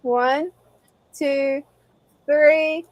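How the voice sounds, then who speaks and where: A woman's voice: high-pitched, fairly even intonation, extremely slow, no echo, lo-fi sound. A woman co-hosting a casual live stream chat, laughing often.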